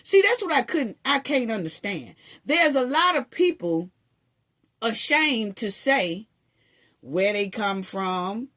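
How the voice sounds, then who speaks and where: A woman's voice: fairly high pitch, big pitch swings, takes it slowly, fairly bright tone. A woman giving a sarcastic, scolding opinion monologue, full of rhetorical questions. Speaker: commentary vlogger.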